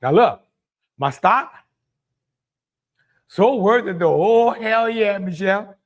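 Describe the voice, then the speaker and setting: A man's voice: high-pitched, lively intonation, slow, highs cut off. A man with a Louisiana accent hosting a casual live cooking stream, chatty and exclamatory, greeting viewers by name and laughing often. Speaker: cooking show host.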